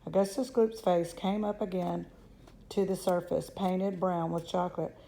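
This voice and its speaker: Woman narrator for a children's book reading, expressive, mellow grainy tone. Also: fairly low pitch, normal speed, gravelly, slight background noise, low-quality recording. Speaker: storybook reader. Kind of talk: reading a children's novel aloud.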